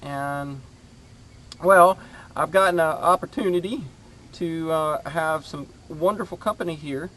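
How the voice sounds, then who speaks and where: A man's voice: fairly high pitch, fairly bright tone. A man hosting his homestead channel, chatting casually outdoors in his garden and rambling with lots of fillers. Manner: rambling, halting with many fillers.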